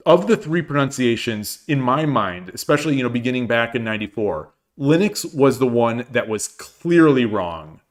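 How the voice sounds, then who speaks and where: A man's voice: mid-range voice, expressive, normal speed, hardly any pauses. A middle-aged man chatting casually on his livestream, rambling with many restarts and fillers. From United States. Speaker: streamer.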